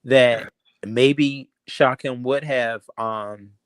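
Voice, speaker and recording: Hesitant man calmly soothing. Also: medium pitch, drawn-out words, clean tone. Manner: placating, hesitant, full of restarts and ums. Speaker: host. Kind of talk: casual chat.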